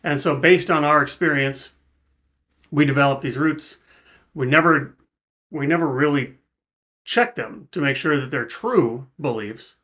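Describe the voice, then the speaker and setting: A man's voice: a little high, unhurried, pauses often, pushed and bright. A man hosting a reaction video, explaining ideas in a thoughtful, casual way with frequent restarts. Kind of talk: casual commentary.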